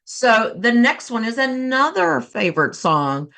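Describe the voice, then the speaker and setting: A woman's voice: on the high side, sing-song, unhurried, vocal fry, pushed and bright. A woman hosting a laughter yoga session, cheerfully coaxing listeners and breaking into bursts of laughter.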